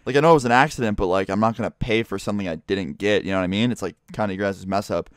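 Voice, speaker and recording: A man's voice: on the low side, rapid-fire, clean tone, no echo, clean studio sound. A teenage boy telling a casual storytime, rambling and profane, full of fillers. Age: teens.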